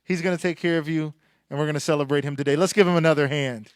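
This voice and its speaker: A man's voice: a little high, steady tone, racing, a little hiss or hum. A man emceeing a live awards night on a handheld microphone, joking with and hyping up the crowd. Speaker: event emcee. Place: event hall stage.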